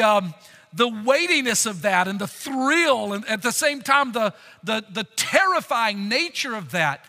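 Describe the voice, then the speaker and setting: A man preaching a sermon in an earnest, expressive way, stopping often to ask his listeners rhetorical questions. His voice sits very high and sounds sharply bright. The sound carries the long reverb of a large church sanctuary. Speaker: pastor.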